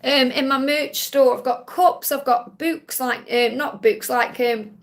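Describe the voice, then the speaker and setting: A woman's voice: sits high, steady tone, a little slow. A woman hosting a live-stream Q&A, giving spiritual readings to viewers in a reassuring way, repeating key points and calling them honey.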